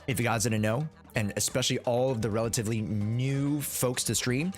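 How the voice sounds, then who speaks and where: A man's voice: mid-range voice, fairly quick, soft background music. A man hosting a livestream in casual, playful chat, rambling with many fillers. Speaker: streamer and host.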